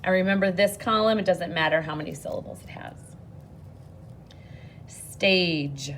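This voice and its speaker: Slow, patient woman teacher. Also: lowish voice, fairly bright tone, a little hiss or hum. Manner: patient, encouraging, slow and clear. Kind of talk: phonics lesson video.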